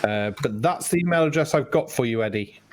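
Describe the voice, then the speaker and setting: A man's voice: mid-range voice, lively intonation, brisk, slight background noise. Chatty man hosting a poker stream. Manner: chatty, explains things step by step. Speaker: host and poker dealer. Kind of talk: casual live-stream chat.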